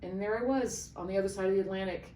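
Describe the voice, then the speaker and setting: Animated middle-aged woman in a roomy space. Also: mid-range voice, fast. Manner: animated anecdote-telling, acting out quoted voices. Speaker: opera singer guest. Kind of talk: casual interview storytelling. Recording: roomy, distant mic, faint background noise.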